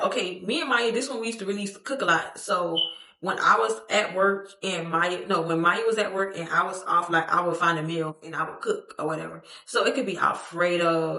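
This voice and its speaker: Bright-voiced young woman telling a story. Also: lowish voice. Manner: expressive, slangy, profane, acts out quotes, laughs often. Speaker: storytime vlogger. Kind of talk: animated storytelling to camera. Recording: echoey room.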